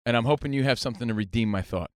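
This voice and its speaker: A man's voice: mid-range voice, rapid-fire, clean tone, no echo, studio quality. A man co-hosting a radio talk show, telling a story in casual banter and acting out the voices of others. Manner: animated, acts out quoted voices.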